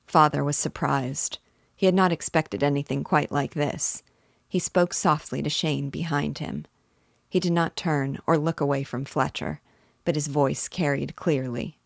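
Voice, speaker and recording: Woman with a low voice reading a novel. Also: fairly even intonation, a little slow, gravelly, dry recording, clean studio sound. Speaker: reader, host.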